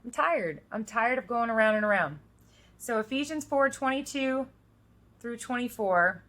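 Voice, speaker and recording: A woman's voice: a little high, normal speed, fairly bright tone. A woman in her thirties talking casually and earnestly to her viewers, reading scripture verses aloud. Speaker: vlogger. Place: outdoors in the rain.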